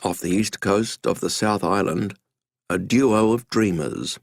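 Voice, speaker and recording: A man narrates a history story in a scripted, dramatic way with a wry edge. His voice is fairly low, and the studio sound is dry with no room echo. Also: a little slow, gravelly.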